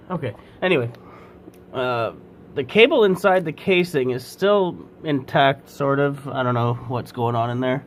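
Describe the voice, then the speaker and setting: A man's voice: on the high side, a little slow, slight background noise. A man doing a casual how-to while working on a car in a workshop, rambling and correcting himself, breathing heavily from the work, recorded alone on a set-up camera. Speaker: home mechanic demonstrating a repair. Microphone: camera set up alone with no operator.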